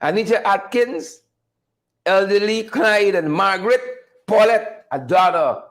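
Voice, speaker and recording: A man's voice: sits high, measured pace, fairly bright tone. A man with a Guyanese accent hosting a political commentary show, talking emphatically and asking rhetorical questions. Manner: reads out viewer names. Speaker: host.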